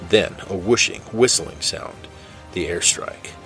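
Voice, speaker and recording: A man narrating fiction in a steady, measured way. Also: low voice, vocal fry, soft background music.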